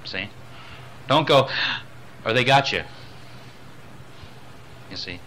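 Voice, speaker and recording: A man teaching a lecture on voice and speaking, dropping low and soft, then rising loud to show his points. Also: expressive, takes it slowly, a little hiss or hum. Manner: demonstrates voices, swings between soft and loud. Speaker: spiritual voice teacher. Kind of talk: recorded lecture on voice.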